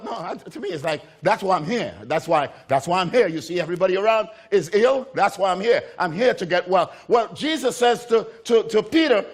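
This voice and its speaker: A man's voice: high-pitched, expressive, brisk, few pauses. A man preaching a sermon, telling a story with repeated phrases and acting out the voices of the people in it. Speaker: pastor.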